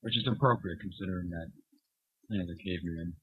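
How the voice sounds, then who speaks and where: A man's voice: sits low, fast talker, slightly rough, narrow, tinny audio. A man on a gaming podcast panel, talking in a laid-back, joking way. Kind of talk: casual podcast chat about video games.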